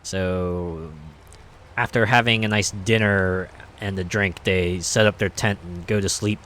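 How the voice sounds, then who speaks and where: Man, game streamer, low voice, casual chat, rambling, hesitant, lots of fillers. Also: fairly even intonation, measured pace, a bit bright, a little hiss or hum. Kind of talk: casual chat while playing.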